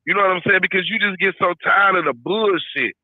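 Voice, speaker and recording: A man phones in from his parked car and rants heatedly, peppering his speech with swearing. His voice sits slightly high. The line is thin and tinny, like a phone call, and dry. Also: quick pace, no echo. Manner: heated, venting rant with swearing and repeated "you know what I'm saying". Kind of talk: casual chat.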